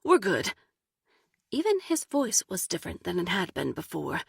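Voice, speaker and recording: A woman reading an audiobook in a soft, slow narration, lightly voicing each character. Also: lowish voice, wildly swooping pitch, vocal fry, husky, no echo, studio quality. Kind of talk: scripted narration.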